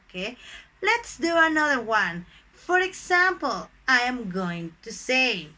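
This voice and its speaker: A young woman who speaks Spanish natively, teaching an online English grammar lesson with a Mexican Spanish accent, explaining slowly and deliberately and often addressing the class as "guys". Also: on the high side, bright, forceful tone, low-quality recording.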